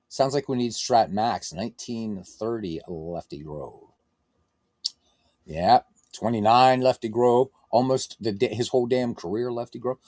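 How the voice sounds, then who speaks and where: A man with a low, darkish voice hosts a baseball game stream, chatting casually with playful self-mockery and reading lineups like a ballpark announcer, mixing chat with play-by-play. There is no echo.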